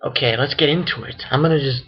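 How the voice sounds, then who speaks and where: A man's voice: medium pitch, quick pace, breathy edge. A young man giving a casual, rambling spoken review of a manga chapter, cursing and laughing as he goes. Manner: rambling, profane, reads quotes aloud with laughs. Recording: dull lo-fi home recording.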